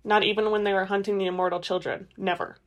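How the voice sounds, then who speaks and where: A woman voicing a stern young male vampire who speaks in a flat, insistent voice, as she reads a novel aloud. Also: mid-range voice, fast talker, dull audio, natural voice.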